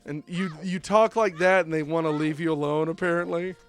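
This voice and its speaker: Young male streamer, slightly high voice, loose joking ramble, soft game music in the background. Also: steady tone, brisk. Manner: rambling, joking, many fillers. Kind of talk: casual chat while streaming a game.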